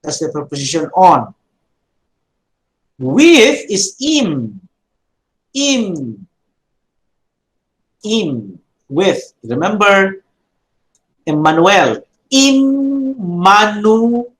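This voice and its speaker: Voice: mid-range voice, very animated, drawn-out words, long pauses, low-quality recording. A teacher with a Filipino accent giving a classroom lecture, repeating words and checking in with "okay?" and "no?", slipping into Tagalog now and then. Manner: mixes English with Tagalog. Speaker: Hebrew teacher.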